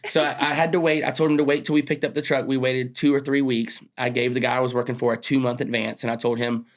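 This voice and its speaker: A man's voice: mid-range voice, little pitch movement, quick pace. A young man, a roofing business owner, telling his story as an interview guest, acting out quoted dialogue and laughing often.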